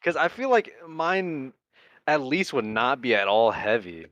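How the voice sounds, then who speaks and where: A man's voice: medium pitch, sing-song, unhurried, fairly bright tone, no echo, dull audio. A man from Michigan with a light Midwestern accent, chatting on a podcast, leaning on fillers like "like". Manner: filler-heavy, hesitant phrasing. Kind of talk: casual podcast chat.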